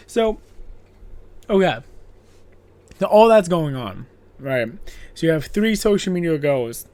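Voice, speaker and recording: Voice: medium pitch, expressive, slow, long pauses, darkish tone, no room sound. A podcast host in a casual horror movie review chat, rambling and self-interrupting, laughing often and swearing casually.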